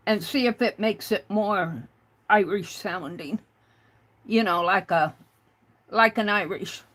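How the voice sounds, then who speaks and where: With a mid-range, fairly bright voice and an unhurried pace, this woman hosts a relaxed livestream. She talks with viewers, reads their comments aloud, and spells out words letter by letter.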